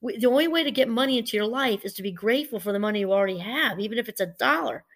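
A middle-aged woman, a professor, talking casually and warmly about gratitude, rambling a little and laughing through her stories. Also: a little high, racing. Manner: chatty, rambling, laughs while telling stories. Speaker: professor and podcast host. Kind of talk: casual motivational talk.

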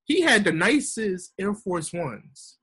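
A man's voice: high voice, takes it slowly, slightly rough. A young man chatting casually, telling stories and acting out other people's voices. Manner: animated storyteller, acts out voices. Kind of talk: casual chat.

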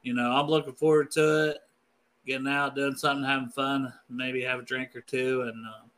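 A man's voice: mid-range voice, little pitch movement, moderate pace, a bit bright. A man hosting a podcast in casual, candid chat, swearing freely and laughing often. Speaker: podcast host.

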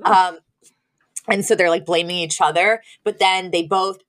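A woman's voice: lowish voice, fairly even intonation, normal speed, fairly bright tone. A woman co-hosting a podcast, recapping a TV episode in casual chat, full of fillers and giggles. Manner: chatty, filler-heavy storytelling with frequent giggles. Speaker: podcast co-host.

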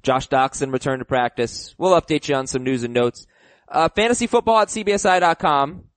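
Upbeat higher-voiced podcast host man. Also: fairly quick, dry recording. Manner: upbeat, reads listener emails aloud. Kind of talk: casual sports podcast chat.

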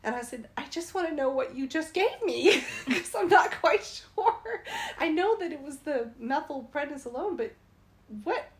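A woman casually telling a travel story, animated and laughing as she goes. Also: sits high, normal speed. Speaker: travel vlogger.

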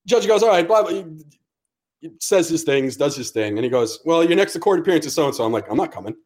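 A male podcast co-host spinning a story in a casual, swearing-heavy way, slipping into the voices of the people in it. His voice sits a little higher than most men's. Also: fairly quick. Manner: profane, animated storyteller acting out dialogue.

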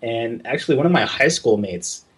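A man from Southern California, a game artist guest, telling a story in a relaxed, casual way and swearing freely. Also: medium pitch, normal speed, husky. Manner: relaxed, swears freely, acts out voices in anecdotes.

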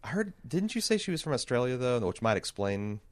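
A podcast co-host chats casually, rambling with plenty of fillers and restarts. His voice sits at a medium pitch, and he talks fairly quickly and very animatedly.

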